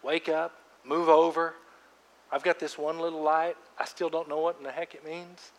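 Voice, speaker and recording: A man preaching a sermon as pastor, emphatic, swinging between loud outbursts and hushed words. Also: fairly high pitch, flat delivery, a little fast. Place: church sanctuary. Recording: long reverb of a large church hall.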